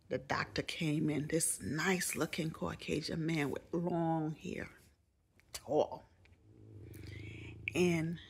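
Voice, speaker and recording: A middle-aged woman with a low, gravelly voice recounts a personal story straight to camera, casual and animated. She jokes as she goes and jumps into raised voices when quoting people. A faint hiss sits under the close recording. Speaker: vlogger.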